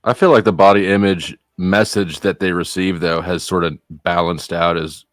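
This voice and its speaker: A man in his thirties speaking as a panel guest, in a measured, analytical way. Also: deep voice, steady tone, no echo, studio quality. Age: 30s. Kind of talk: casual panel chat.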